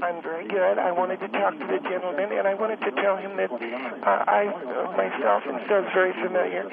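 Male performer as a halting, gentle grandmotherly caller; very high, very rough, phone-line sound. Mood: soothing. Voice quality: gravelly, halting with many ums. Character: elderly motherly woman caller, gentle and rambling. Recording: tinny phone line with loud crowd noise.

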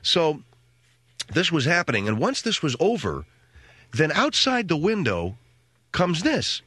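A middle-aged man hosting a radio talk show, telling a comic story in an animated, jokey way and acting out voices and sounds. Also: on the high side, unhurried, breathy edge, no echo.

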